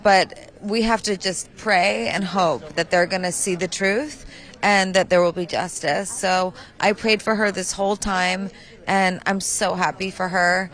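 Woman giving a red-carpet interview, earnest, heartfelt, even pitch. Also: measured pace, poor audio. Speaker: celebrity interviewee.

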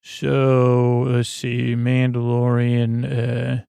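A man rambling through a deadpan comedic recap of a TV episode, halting often with fillers and restarts. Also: mid-range voice, gravelly, smooth, no room sound. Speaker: podcast host recapping an episode.

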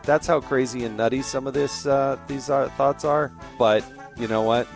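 A man's voice: mid-range voice, fairly even intonation, normal speed, vocal fry, faint music behind. Folksy American talk-show host man. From American West. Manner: folksy and emphatic.

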